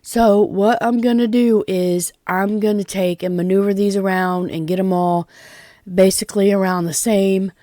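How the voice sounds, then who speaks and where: A woman's voice: mid-range voice, steady tone, moderate pace, mellow, no room sound, clean studio sound. A Southern woman talking through a craft project in a chatty, folksy, self-deprecating way, congested from pollen and a bit short of breath. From Tennessee. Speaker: DIY vlogger. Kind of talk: casual craft tutorial.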